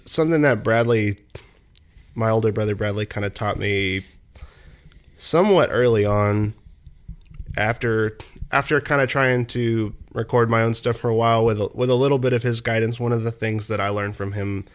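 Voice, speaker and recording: A young man in casual conversation, talking at length about music production, with lots of fillers and restarts. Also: fairly low pitch. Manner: rambling, many fillers and restarts.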